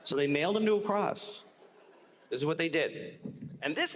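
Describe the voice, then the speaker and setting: Profane stand-up comic in an echoey hall. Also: male voice, a little high, a bit bright. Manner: conversational, profane, rising to incredulous rants. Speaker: stand-up comedian. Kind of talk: stand-up comedy set. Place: comedy stage before audience. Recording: live stand-up in reverberant hall.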